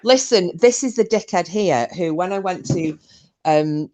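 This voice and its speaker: Woman stream host, lowish voice, rambling anecdotes, swears casually. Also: expressive, measured pace, a little mellow. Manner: chatty storytelling, frank swearing. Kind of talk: casual chat.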